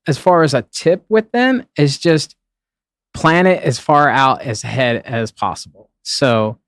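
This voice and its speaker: A man's voice: mid-range voice, measured pace, a bit bright, no room sound, studio quality. A man working as a live event streaming producer, answering interview questions in a rambling, casual way, with plenty of fillers and acted-out quotes.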